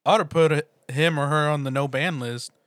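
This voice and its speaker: A man's voice: a little high, fairly even intonation, normal speed, a bit bright, dry recording. A man in a casual chat among friends, reacting with laughs and short jokes.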